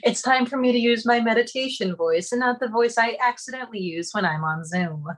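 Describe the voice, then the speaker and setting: A woman co-hosting a podcast in casual chat, playful and quick with jokes, close on a podcast microphone. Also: fairly high pitch. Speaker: podcast co-host, fitness trainer. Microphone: studio podcast microphone.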